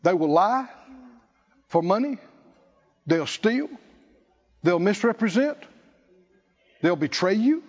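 This man's voice is high, with big swings in pitch, and he takes his time, pausing often. He's a pastor delivering a call-and-response sermon in a church sanctuary, stressing and repeating key phrases for the congregation, captured on a dull lo-fi recording full of long hall reverb.

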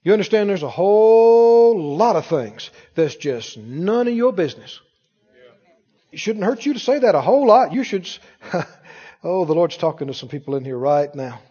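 A man's voice: high voice, big pitch swings, normal speed, mellow, husky. A male pastor preaching an emphatic sermon to his congregation, firing off rhetorical questions and having them repeat his words. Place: church hall with congregation. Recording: dull reverberant church recording.

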